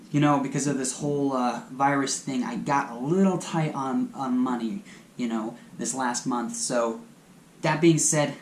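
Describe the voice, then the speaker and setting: A man at a middle pitch explains a sleight step by step in a relaxed, chatty way. He sounds like he is in a room with a lot of echo. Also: a little hiss or hum. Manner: chatty and instructive, talks viewers through hand moves. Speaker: magic channel host. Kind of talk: casual video tutorial. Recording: echoey room.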